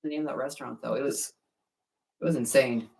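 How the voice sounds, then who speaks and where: A woman in a relaxed, casual chat about her eating challenges. She wanders through her stories, trailing off and picking back up. Her voice sits a little away from the microphone. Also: extremely low pitch, quick pace, gravelly, far from the mic. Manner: relaxed, rambling storytelling with fillers. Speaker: competitive eater.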